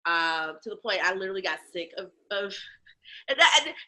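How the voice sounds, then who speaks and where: A woman from Chicago telling stories as an interview guest, lively and acting out other people's lines. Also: mid-range voice, a little fast. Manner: animated storyteller, acts out quoted voices. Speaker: guest, lactation educator and comedian. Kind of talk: casual interview chat.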